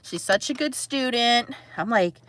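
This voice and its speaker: A woman's voice: fairly high pitch, expressive, measured pace, a bit bright, dry recording. A woman casually telling a family story to her live chat, rambling and full of filler words, laughing at herself. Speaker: mother streaming to live chat.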